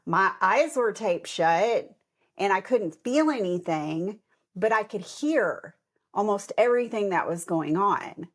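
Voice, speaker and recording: Speaking slowly in a medium-pitched voice, a middle-aged woman co-hosting a podcast chats casually about her own experiences. She laughs often and animatedly acts out quoted voices from the people in her stories.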